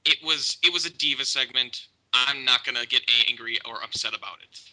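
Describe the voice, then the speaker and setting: A man's voice: mid-range voice, fairly quick, pushed and bright, rough recording. A man co-hosting a casual wrestling podcast, teasing and argumentative. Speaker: podcast co-host.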